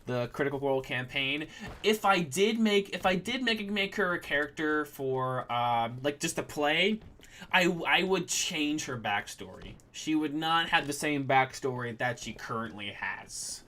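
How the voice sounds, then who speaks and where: A man's voice: fairly high pitch, lively intonation, a little slow, sharp tone. A man streaming a game and chatting casually about running a tabletop campaign, rambling with lots of fillers and restarts. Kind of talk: casual chat while gaming.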